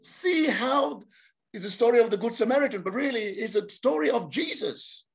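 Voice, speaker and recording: A man's voice: very high-pitched, animated, normal speed, gravelly. A man preaching a sermon to a congregation, impassioned and repeating words for emphasis. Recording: slightly dull lo-fi sound.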